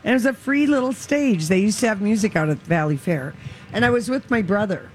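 A woman's voice: mid-range voice, expressive, a little fast, darkish tone, a little hiss or hum. A woman in her fifties co-hosting a radio show, chatting and reminiscing casually. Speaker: radio co-host.

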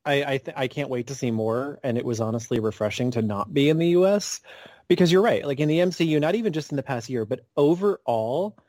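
A man's voice: mid-range voice, expressive, fairly quick, a little mellow, no room sound. A man co-hosting a podcast in casual chat, rambling and often restarting his sentences. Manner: rambling, self-correcting with many restarts. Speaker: podcast co-host.

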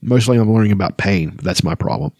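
A man reading as a proud elf lord softening. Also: on the low side, animated, brisk, gravelly, no echo, studio quality. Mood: earnest. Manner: read aloud evenly from a novel. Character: bitter, proud male elf lord opening up.

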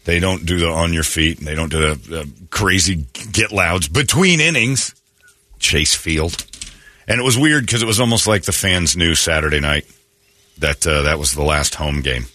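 A man's voice: deep voice, moderate pace, no echo. A man hosting a morning radio show, telling stories with lots of acted-out dialogue and blunt opinions, swearing now and then. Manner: animated storytelling, acts out both sides of conversations. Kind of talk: casual radio chat.

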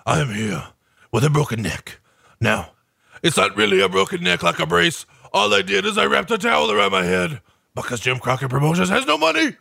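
A deadpan wrestler with a thick mock Russian accent and a gravelly, crackling voice, put on by a man. He talks in stiff broken English, bright and edgy in tone. The sound is dry and close. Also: sits high, brisk, no room sound, voice pushed up, exaggerated voice.

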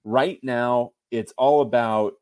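A man hosting a sports podcast, gleeful and animated, giving blunt opinions in casual chat. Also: mid-range voice, slow, clear, resonant tone. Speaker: podcast host.

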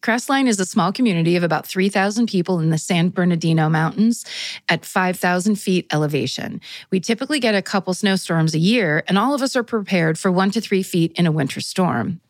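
A woman's voice: fairly low pitch, dry recording. A woman co-hosting a podcast, casually reading a listener's story aloud in an earnest way. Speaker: podcast co-host.

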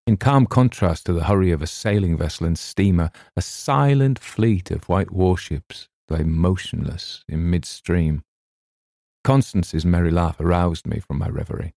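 A man narrating a classic story in a measured, deliberate way. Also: low voice, creaky, dark tone, no echo, clean studio sound. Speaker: audiobook narrator. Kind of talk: scripted narration.

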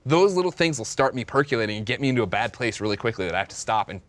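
A man's voice: mid-range voice, animated, rapid-fire. A man in his thirties talking candidly and rambling in a casual podcast conversation, full of restarts. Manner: rambling, candid, self-deprecating with many restarts. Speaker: podcast guest.

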